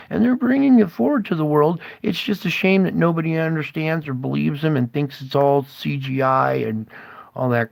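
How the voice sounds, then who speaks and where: Gravelly guy rambling over clips, keeps checking in with viewers, dry close sound. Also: a little high, a little mellow, no echo. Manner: rambling, keeps asking "okay?". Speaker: conspiracy video host.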